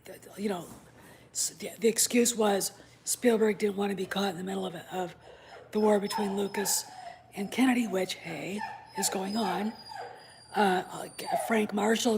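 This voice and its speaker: A woman hosts a casual vlog from home with a puppy nearby, talking bluntly with profanity and conspiratorial asides. Her voice is mid-range, with a noisy background.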